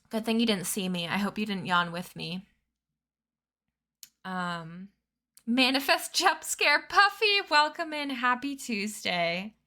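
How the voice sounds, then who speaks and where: A woman's voice: on the high side, lively intonation, slow, pauses often, bright, forceful tone. A young woman in her twenties chatting casually with her stream chat, bubbly and giggly, sleepy. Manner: bubbly, giggly, reads chat names aloud. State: sleepy, yawning. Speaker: streamer reading a book aloud.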